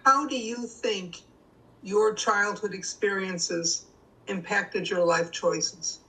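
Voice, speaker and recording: A woman's voice: mid-range voice, fairly even intonation, takes it slowly, a bit bright, far from the mic, low-quality recording. Off-mic woman asking interview questions. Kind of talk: oral history interview questions.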